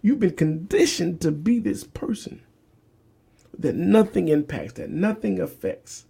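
A man's voice: sits high, expressive, unhurried, gravelly, warm tone, breathy edge. A young man hosting a podcast, preaching emphatically, repeating phrases and dropping to whispers. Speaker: podcast host. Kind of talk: preaching-style podcast talk.

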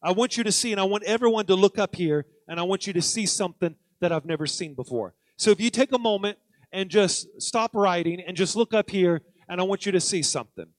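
A man preaching in a church with a high-pitched voice that climbs as he drives each point home. He speaks emphatically, repeating key words over and over. The sound is close and dry. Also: a little fast, no echo. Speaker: pastor. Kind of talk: sermon. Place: church sanctuary.

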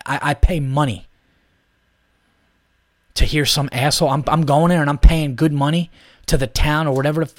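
A man's voice: fairly high pitch, no echo, studio quality. A man in his thirties hosting a solo podcast, ranting in a heated, profane, rambling way. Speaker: podcast host.

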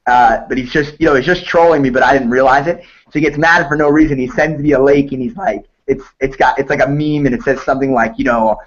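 A man's voice: medium pitch, steady tone, fast, hardly any pauses, lo-fi sound. A man, a jiu-jitsu instructor, chatting casually on a podcast and telling stories with frequent laughter. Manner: laughing, rambling storyteller.

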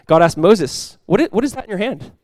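A man preaching a sermon as pastor, in a lively, conversational way with quick acted-out asides. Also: sits high, no room sound.

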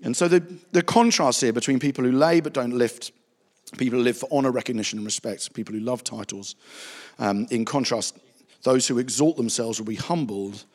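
A man, a pastor giving a chatty, anecdotal Bible teaching with animated asides. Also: mid-range voice, a little fast. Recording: reverberant hall.

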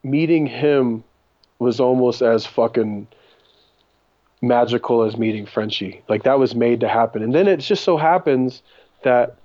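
A man's voice: medium pitch, a little mellow, highs cut off. A man telling a long, profane, rambling story as a podcast guest, with frequent laughter. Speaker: podcast guest, cannabis breeder. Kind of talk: casual storytelling interview.

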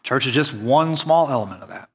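A man from the United States preaching a sermon, earnest and conversational, slowing down to stress key points. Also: medium pitch, lively intonation. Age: adult, went on a mission trip after high school. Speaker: pastor.

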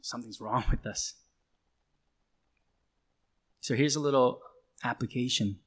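A man's voice: mid-range voice, husky. A man preaching a sermon as pastor, emphatic and repetitive, driving points home with short repeated calls. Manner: emphatic, repeats phrases, slow deliberate delivery.

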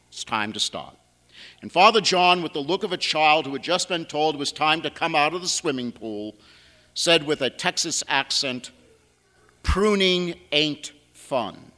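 Guy priest giving a sermon, slow and animated, big echoey church. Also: on the high side. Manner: storytelling with dry humor, emphatic rises on key words. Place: large church. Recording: long church reverb.

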